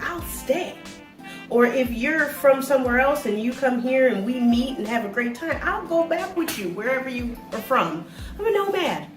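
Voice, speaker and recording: Chatty woman in her forties, echoey. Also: high-pitched. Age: 40s. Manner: rambling, chatty, many fillers. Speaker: travel vlogger. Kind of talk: casual chat. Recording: echoey room, mic far off, faint music.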